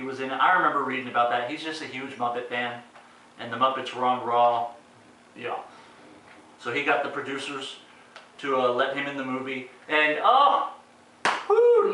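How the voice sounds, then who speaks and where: A man's voice: medium pitch, sharp tone, a little hiss or hum. A man giving a casual, sarcastic and profane ranting review of a movie, sounding exasperated. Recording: very echoey room, distant mic.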